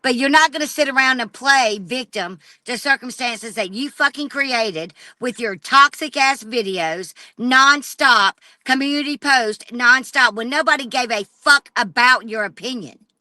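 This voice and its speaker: A woman's voice: a little high, normal speed, hardly any pauses, bright, forceful tone, no echo. A woman livestreaming an angry, profane rant straight at a rival. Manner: profane and confrontational, addressing a rival directly.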